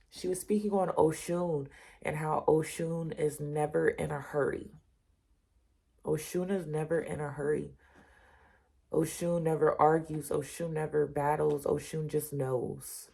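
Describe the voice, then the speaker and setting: A woman with a dark, husky voice gives a casual tarot reading, speaking straight to her listeners. She repeats her points with emphatic reassurance and calls them y'all. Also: sits low. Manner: direct, repetitive, addresses the listener as you and y'all. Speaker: tarot reader.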